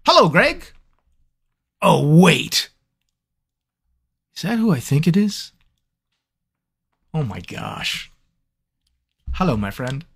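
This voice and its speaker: A voice actor speaks slowly in a slightly high, sing-song voice with vocal fry, a breathy edge, and long pauses. Seated at a microphone for a casual live Q&A, he rambles to fans and mocks his own scattered thinking.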